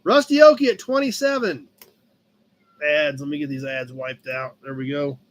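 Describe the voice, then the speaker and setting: A man with a fairly high voice hosts a casual live-stream auction. He chats easily about each piece and calls out the bids as the timer runs, with a cat heard now and then in the background. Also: normal speed, muffled recording. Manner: chatty, talks to his cat between bids. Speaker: host auctioning car badges.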